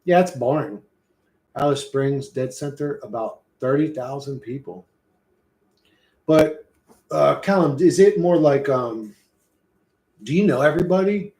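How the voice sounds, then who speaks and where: A man's voice: fairly high pitch, unhurried, pauses often, a little mellow, reverberant, slight background noise. A man with an American accent streaming casually, rambling and swearing while he reads chat. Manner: profane, rambling, loose and joking. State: hot and sweating.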